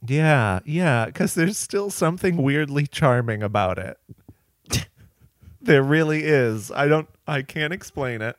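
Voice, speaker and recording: A man's voice: fairly high pitch, lively intonation, slow, dry recording. A man co-hosting a casual movie review podcast, laughing a lot and cracking dry jokes. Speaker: podcast co-host.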